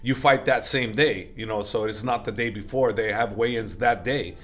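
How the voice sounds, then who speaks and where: Middle-aged man, lowish voice, casual rambling storyteller, lots of fillers and self-corrections; interview guest. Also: normal speed, a bit bright. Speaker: interview guest, MMA coach.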